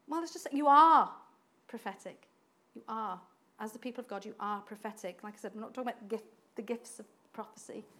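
Lady preaching, high voice, gets really animated, laughs a lot. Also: fairly quick, hardly any pauses. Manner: animated, acts out quoted voices, laughs often. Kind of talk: sermon.

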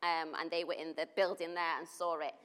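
A woman's voice: sits low, little pitch movement, brisk, a bit bright, clear, resonant tone. A woman, a volunteer helping refugees, telling a story in casual talk full of 'like' and 'you know'.

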